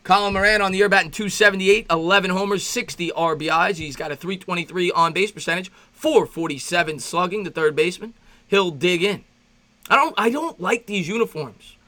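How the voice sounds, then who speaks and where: A man with a high, bright, ringing voice calls a game pitch by pitch like an amateur broadcaster. He rambles between plays, greets his viewers and gets worked up, his voice leaping up when excited. His asides run on loosely. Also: brisk. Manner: excitable, voice jumps up when reminiscing. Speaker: fan play-by-play host. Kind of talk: amateur play-by-play commentary with reaction.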